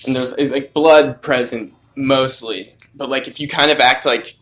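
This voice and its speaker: A man's voice: mid-range voice, steady tone, moderate pace, a bit bright. A man on a podcast, making sarcastic jokes in casual chat. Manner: joking, sarcastic.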